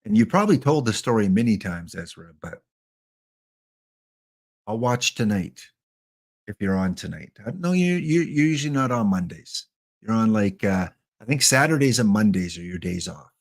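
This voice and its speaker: A man's voice: lowish voice, expressive, moderate pace. A man casually hosting a game live stream, chatting and joking with viewers by name.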